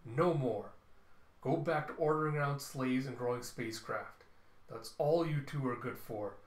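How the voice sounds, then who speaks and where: A man's voice: medium pitch, normal speed, lightly acted. A man voicing an old, cold vampire matriarch in a commanding, scornful tone as he reads a comic aloud. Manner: imperious, scornful. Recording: roomy echo.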